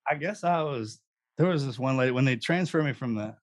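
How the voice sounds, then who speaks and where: A man's voice: medium pitch, animated, fairly quick. A man, a guest recounting his story in a joking, self-mocking way. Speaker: guest, Navy SEAL veteran. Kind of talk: casual storytelling.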